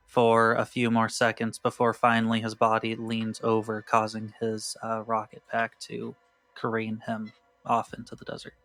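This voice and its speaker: A man's voice: medium pitch, dry recording. A man running a tabletop game as game master, narrating with frequent ums and uhs. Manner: relaxed, hesitant with many fillers.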